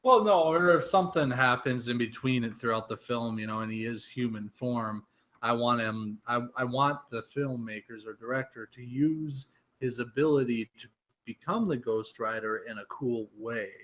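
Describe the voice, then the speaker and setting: A man co-hosting a relaxed podcast, his voice in the middle range. He often stops to search for a word and restarts his sentences, then picks up with animated bursts. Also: medium pitch, moderate pace. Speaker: podcast co-host. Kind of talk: casual chat.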